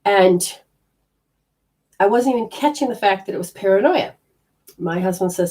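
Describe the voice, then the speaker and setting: A middle-aged woman from Australia telling a personal story in a casual way, acting out her own inner voices with sudden jumps in pitch. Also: expressive, normal speed, long pauses, darkish tone. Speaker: energy healing teacher.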